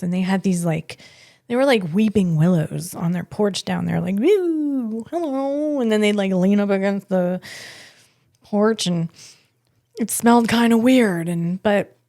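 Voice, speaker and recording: A woman's voice: mid-range voice, dry recording, studio quality. A woman hosting a casual tech comedy podcast, rambling and self-deprecating as she tells personal stories. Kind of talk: casual solo podcast chat.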